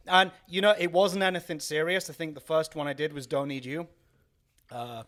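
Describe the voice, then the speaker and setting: A man's voice: on the high side, steady tone, fairly quick, sharp tone. A young man from North Wales with a mixed, faintly Welsh accent, chatting casually on a podcast, rambling with many fillers and restarts. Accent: mixed, faintly Welsh with southern English traces. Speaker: podcast co-host. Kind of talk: casual chat.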